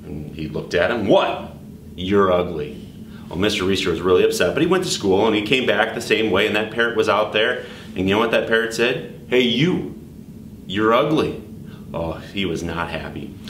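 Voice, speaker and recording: A man hosting school announcements, telling corny jokes and a long story in a deadpan way. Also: on the low side, fast talker, a little hiss or hum. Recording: echoey room, mic far off.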